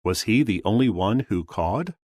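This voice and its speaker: A man reading a children's picture book aloud, slow, clear and expressive. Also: lowish voice, dry recording, studio quality. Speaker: storybook reader.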